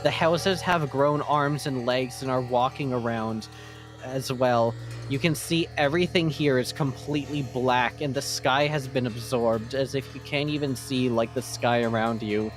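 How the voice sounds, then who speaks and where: A man narrating calmly as dungeon master, describing scenes with easy fillers. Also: mid-range voice, moderate pace, faint music behind. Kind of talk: narrating a tabletop game.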